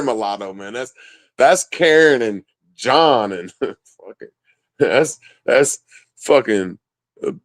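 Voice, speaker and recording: A man's voice: mid-range voice, vocal fry, no echo. A man in casual chat, talking loosely with lots of swearing and frequent laughter. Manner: loose, joking, heavy swearing; laughs often between lines.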